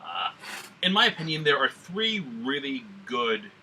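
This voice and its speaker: A man reviews a beer on camera in a put-on Southern drawl, his voice very bright and forceful. He rambles casually, full of ums and uhs, with the odd blunt curse. A faint background noise sits under him. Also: mid-range voice, sing-song, measured pace. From New England. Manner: rambling, many fillers, blunt and profane.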